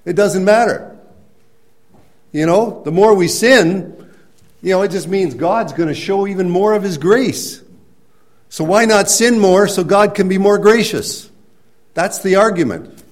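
Guy preaching, slightly higher voice, chatty explaining then gets loud and emphatic. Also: a little slow, pauses often. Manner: explanatory, rises to emphatic near-shouting at points; conversational with restarts and everyday examples. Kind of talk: sermon teaching.

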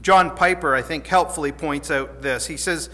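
A man with a fairly high, bright voice preaches a sermon. He reads scripture and then explains it in an earnest way, repeating phrases and sometimes restarting. A long reverb from the church room hangs on every line. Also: moderate pace.

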